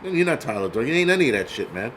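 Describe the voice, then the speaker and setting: A man's voice: medium pitch, sing-song, rapid-fire, fairly bright tone, slight background noise. A man hosting his own channel, ranting bluntly and profanely in casual commentary with many restarts. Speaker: channel host.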